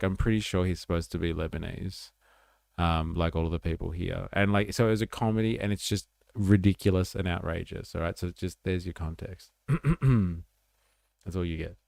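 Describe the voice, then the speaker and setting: A man's voice: deep voice, steady tone, normal speed, creaky, no echo, studio quality. A man with an Australian accent hosting a casual livestream, chatting loosely with viewers in slang. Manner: chatty, slangy, reacts to chat. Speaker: livestream host.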